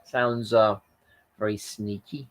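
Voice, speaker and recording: A man's voice: lowish voice, fairly even intonation, slow pace. A man hosting a channel, chatting casually through viewer comments and often losing his thread. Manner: rambling, loses his thread and corrects himself. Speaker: channel host. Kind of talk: casual live-stream chat reading viewer comments.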